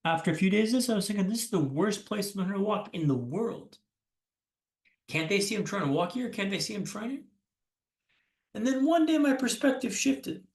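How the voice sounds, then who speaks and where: Keynote speaker, male, high gravelly voice, punchy storytelling with dramatic pauses, echoey hall. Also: distant mic. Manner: self-deprecating humor. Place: conference hall stage.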